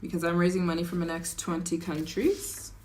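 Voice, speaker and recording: Woman, travel livestreamer, casual rambling chat, a bit low-pitched, thanks donors. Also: little pitch movement, fairly quick, a little mellow. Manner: chatty, reads donations aloud, rambling asides; slips into a put-on accent at times.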